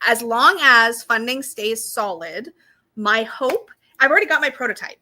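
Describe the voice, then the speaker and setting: Woman chatting on a live stream, kinda high, bright and bubbly. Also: slight background noise. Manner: bubbly, chatty, reads viewer comments aloud. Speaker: creator hosting a live launch stream. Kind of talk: casual live-stream chat.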